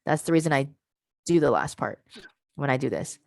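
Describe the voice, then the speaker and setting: A woman presenting an online teacher workshop on pronunciation, explaining patiently and sounding out word parts slowly over a video call. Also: rumbling low, expressive, gravelly, darkish tone, dry recording.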